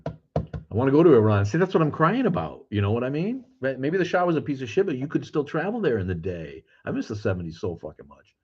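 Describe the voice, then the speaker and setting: A man's voice: mid-range voice, very animated, fast talker, a little mellow, breathy edge, lo-fi sound. An older man hosting a livestream, reading chat and rambling bluntly with plenty of swearing. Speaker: livestream host. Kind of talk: casual livestream chat, reading comments aloud. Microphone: streaming cameras.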